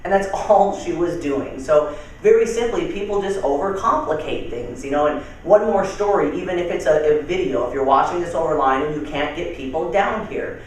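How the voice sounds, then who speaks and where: A young man giving casual, energetic sales training with stories, talking loosely and calling people dude and man, heard from far off in a very echoey room. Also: a little high, moderate pace, a little hiss or hum. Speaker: network marketing trainer. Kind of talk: training talk with storytelling.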